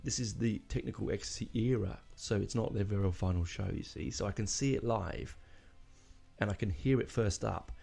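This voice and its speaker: A man's voice: lowish voice, moderate pace, creaky, mellow, husky. A man hosting a casual music podcast, rambling and emotional, with lots of fillers and restarts. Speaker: podcast host.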